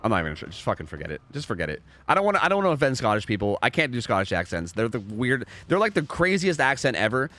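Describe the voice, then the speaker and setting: A man's voice: medium pitch, big pitch swings, very fast, hardly any pauses, fairly bright tone. A young man casually commentating a game live on stream, rambling, repeating himself and swearing freely.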